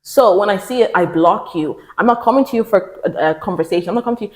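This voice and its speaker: A woman's voice: medium pitch, animated, quick pace, hardly any pauses, a little mellow. A young woman talking candidly to camera, giving self-help advice in a casual, emphatic way, acting out other people's lines as she goes.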